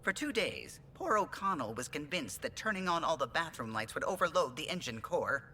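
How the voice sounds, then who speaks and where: A man's voice: fairly high pitch, sing-song, moderate pace, sharp tone, slight background noise. An actor playing a friendly alien male ship pilot who talks proudly about his ship.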